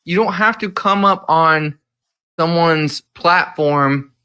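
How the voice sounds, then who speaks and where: A man hosting a livestream debate panel, measured and trying to calm things down. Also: fairly high pitch, clean tone.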